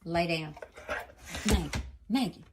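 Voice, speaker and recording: A woman's voice: fairly low pitch, slow, heavy background noise. A woman filming at home with a phone camera, coaxing and scolding her dogs in pet-talk. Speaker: dog owner filming her pets. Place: home indoors.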